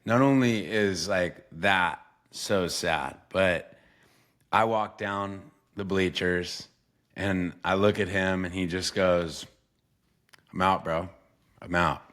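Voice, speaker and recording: A man's voice: deep voice, fairly even intonation, takes it slowly, a bit bright. A young man hosting a sports podcast, talking earnestly with casual swearing and lots of "bro" and "like". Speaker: podcast host and former quarterback coach. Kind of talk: emotional interview conversation.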